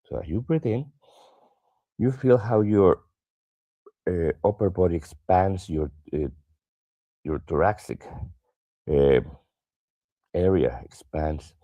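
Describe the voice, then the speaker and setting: A man teaching a guided yoga stretching session, giving calm cues and softly stressing key words, with some hesitant fillers as he explains. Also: deep voice, slow pace, pauses often, lo-fi sound. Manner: calm instructive cues, drops to soft emphasis. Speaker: yoga and somatic practice teacher.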